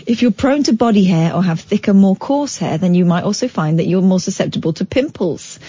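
A woman's voice: medium pitch, animated, a little fast, mellow, husky, dry recording, highs cut off. A woman co-hosting a radio show, reading a silly news story aloud playfully while trying to keep a straight face. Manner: giggly, playful, keeps breaking into laughter. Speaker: radio co-host.

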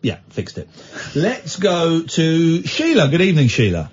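A man's voice: a little high, huge pitch swings, unhurried, noisy background. A man hosting a late-night radio phone-in, playful and teasing, with mock outrage. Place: radio studio. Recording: muffled radio broadcast.

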